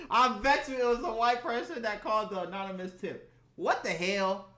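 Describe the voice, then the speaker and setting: A man hosting a reaction video, talking in a blunt, animated, exclaiming way. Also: sits high, moderate pace, hardly any pauses. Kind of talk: casual reaction commentary. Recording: roomy echo.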